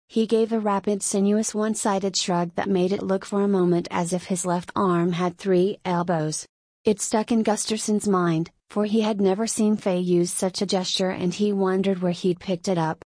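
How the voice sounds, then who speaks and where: A woman narrating a story in a steady, even manner, with a voice of middle pitch. The sound is dry and close, with no room around it. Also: normal speed, no echo. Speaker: audiobook narrator. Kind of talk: scripted narration.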